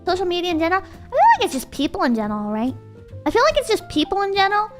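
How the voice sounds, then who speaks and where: A woman's voice: extremely high pitch, sing-song, rapid-fire, soft background music. A young woman streamer chatting casually and ranting, swearing and mock-quoting people. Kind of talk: casual livestream chat.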